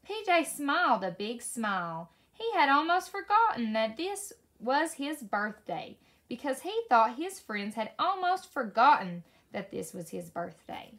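A woman reads a children's story aloud, taking it slowly and expressively with a lively pitch.

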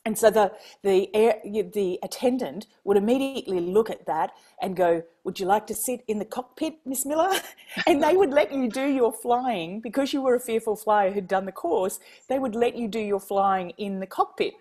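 An Australian woman from Queensland, a guest author telling lively stories, laughing often and acting out quoted dialogue. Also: mid-range voice, normal speed. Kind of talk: casual storytelling.

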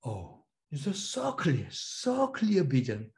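A middle-aged man whose first language is Korean, a pastor giving a testimony in a slow, halting way, repeating phrases as he goes. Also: a little high, huge pitch swings, darkish tone. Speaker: pastor and former missionary. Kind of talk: sermon-style personal testimony.

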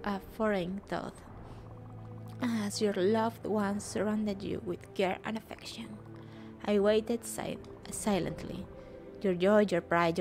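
A woman voicing a solemn shadow spirit that has lurked unseen, speaking slowly and gravely. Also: mid-range voice, a little mellow, natural voice. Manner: slow, grave, measured reading.

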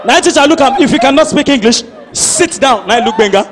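High, lively Nigerian man telling a comic tale. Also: brisk, long reverb tail, heavy background noise. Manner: animated, switching into character voices and laughing. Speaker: comedian narrator. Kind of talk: comic storytelling skit.

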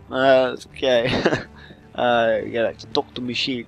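A man's voice: medium pitch, flat delivery, normal speed, faint music behind. A man giving casual commentary over his game, rambling, swearing and joking to himself. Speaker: gamer playing through a story game.

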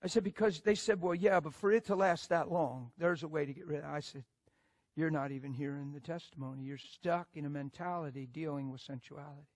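A male preacher telling a story in a sermon, animated and emphatic, moving between loud bursts and hushed asides. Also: on the high side, a little fast, no room sound.

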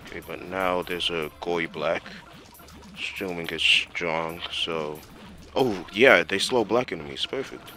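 Low-voiced young man muttering over gameplay. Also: measured pace, sharp tone, soft background music. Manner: talks to himself while playing, slangy, with many fillers. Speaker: gameplay commentator. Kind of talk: casual gameplay commentary.

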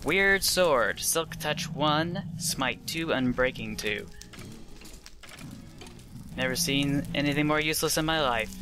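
A man's voice: on the high side, slow pace, pauses often. Young man commentating his own gameplay. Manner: self-deprecating, thinking aloud while playing. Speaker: let's play host. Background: game music.

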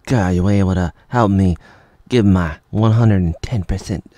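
A man doing a falsetto voice of a giddy, flustered young woman in a mocking comedic voice-over. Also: normal speed, dark tone, no echo, lightly acted. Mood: swooning.

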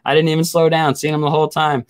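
A man's voice: on the high side, little pitch movement, fast talker, clean tone. A man in his forties hosting a casual chat, telling crude stories and laughing often. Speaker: host.

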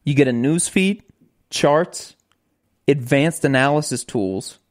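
A man's voice: a little high, slow pace. A man co-hosting a casual podcast, talking animatedly, repeating words and talking over his partner, also reading the ad. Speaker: podcast co-host. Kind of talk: casual podcast chat and host-read ad.

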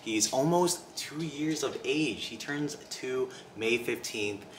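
A young man talking casually to camera in a relaxed, chatty vlog, with faint music behind him. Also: takes it slowly, slight background noise. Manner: relaxed, chatty, talks to his dog in a high excited voice. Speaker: vlogger and dog owner.

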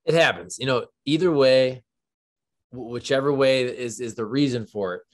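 A man in his thirties co-hosting a sports podcast, with an everyday mid-range voice. He talks in a relaxed, rambling, conversational way about games and bets. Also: mid-range voice, normal speed. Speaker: podcast co-host. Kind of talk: casual sports betting chat.

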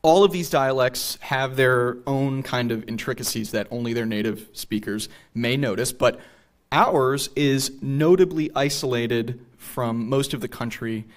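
A man's voice: medium pitch, a little slow. Man giving a casual history lecture. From New England. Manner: conversational, frequent ums and tag "right?". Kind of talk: public lecture with slides. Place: small theater.

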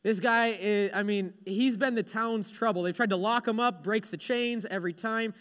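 A man's voice: high voice, fairly even intonation, normal speed, a bit bright, in a large hall. A male pastor preaching a sermon, retelling stories with humorous, self-deprecating asides.

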